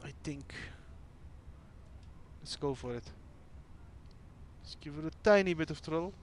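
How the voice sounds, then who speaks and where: In this casual gameplay commentary, a man with a slightly high, animated voice talks at a moderate pace over faint background noise. Dutch is his first language, and he's streaming a flight simulator, thinking aloud and chatting as he runs cockpit checks.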